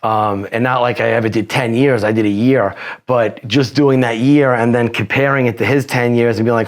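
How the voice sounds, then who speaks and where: A man's voice: medium pitch, fairly even intonation, moderate pace. A man casually telling his life story as a guest, swearing a lot and saying "you know" constantly. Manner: profane, rambling, peppered with "you know". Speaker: podcast guest.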